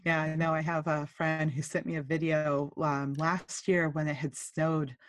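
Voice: mid-range voice, level tone, moderate pace, a bit bright, no room sound. A host in casual chat, enthusiastic and laughing often.

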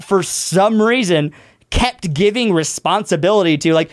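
Woman podcast co-host, profane and animated, lively pitch swings. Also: moderate pace. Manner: exasperated, profane, animated ranting. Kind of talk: casual ranting chat.

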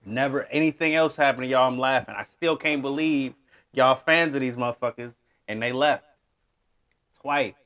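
A man's voice: medium pitch, normal speed. A man co-hosting a sports podcast, chatting casually, swearing a lot and laughing often. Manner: profane, animated, laughing often. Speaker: podcast co-host.

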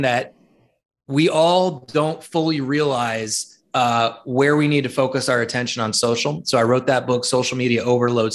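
A man's voice: medium pitch, fairly bright tone. A man being interviewed as an author and speaker, telling stories animatedly and often repeating words as he starts a sentence. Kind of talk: storytelling interview talk.

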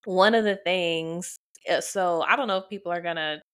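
A woman's voice: lowish voice, normal speed, fairly bright tone, clear, resonant tone. A young woman co-hosting a casual chat, recapping with lots of fillers and little laughs. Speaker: podcast co-host.

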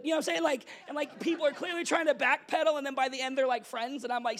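A young adult man preaching a casual, story-driven sermon as pastor, animated and conversational, laughing often and checking in with the congregation. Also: very high voice, very fast, few pauses. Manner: animated, conversational, laughs often, asks "you know what I'm saying?".

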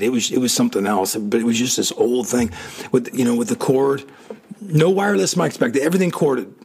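A man's voice: medium pitch, creaky, husky. A man telling an emotional personal story in a casual way, acting out quotes and laughing often. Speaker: storyteller recalling his music past.

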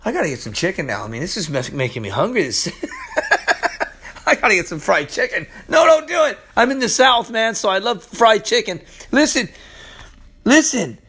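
A man with a notably high voice preaches with bubbling excitement. He laughs often and keeps repeating phrases for emphasis as he hosts his own Bible teaching show. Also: fairly quick, breathy edge.

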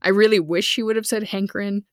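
A woman in her thirties chats on a podcast, with quick asides and sudden bursts of speed. Her voice sits in a middle pitch. The recording is dry, with no room sound. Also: fairly even intonation, no echo. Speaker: podcast co-host. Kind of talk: casual family chat.

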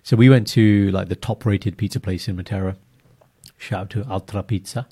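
A man co-hosting a podcast in casual, animated chat, laughing and using slang. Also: fairly low pitch, moderate pace, breathy edge. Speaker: podcast co-host.

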